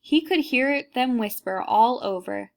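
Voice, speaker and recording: A woman's voice: on the high side, lively intonation, creaky. Woman reading a children's book aloud. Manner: plain, unhurried narration with small slips.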